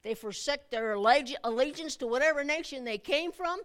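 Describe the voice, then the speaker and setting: Middle-aged woman preacher, high ringing voice, animated delivery that climbs to forceful emphasis. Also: a little fast. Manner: animated, rising to emphatic outbursts, laughs at own asides. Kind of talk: sermon.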